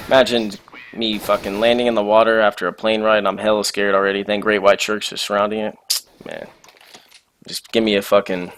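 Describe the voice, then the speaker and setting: Profane young man telling a story, low-pitched. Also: brisk, a little hiss or hum. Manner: animated, profane, slangy. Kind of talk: casual storytelling.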